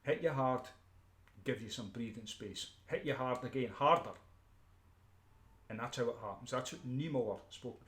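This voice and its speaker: A Scottish street preacher speaks in an unscripted, emphatic rant at an ordinary middle pitch. He repeats words, restarts sentences and clears his throat often. His voice rings back from a bare, echoey room. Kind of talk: unscripted ranting monologue.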